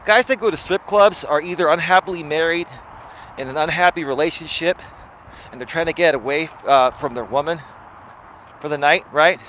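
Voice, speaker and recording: A man in his forties hosts a live stream as a life coach, talking in a loose monologue. He keeps checking in with "right?" as he goes. His voice sits fairly high, with a faint hum behind it. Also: moderate pace, a bit bright. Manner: chatty, tags lines with "right?".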